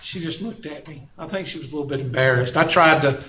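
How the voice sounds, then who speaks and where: Music plays in the background as a man with a highish voice lectures quickly to a math class. His delivery is folksy, peppered with joking asides and anecdotes, captured in a roomy, dull classroom recording.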